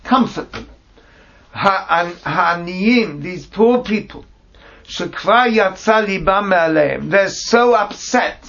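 Male Torah teacher, high gravelly voice, halting phrase-by-phrase explanation, lo-fi sound. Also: expressive, a bit bright. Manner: translates Hebrew phrase by phrase, halting restarts. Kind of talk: text study class. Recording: dull lo-fi recording.

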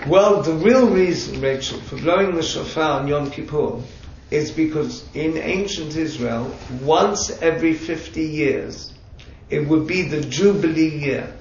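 A man's voice: fairly high pitch, unhurried, hardly any pauses, slight background noise. A man teaching a group, explaining patiently with chatty asides. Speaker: religious teacher. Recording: echoey room, distant mic, dull sound.

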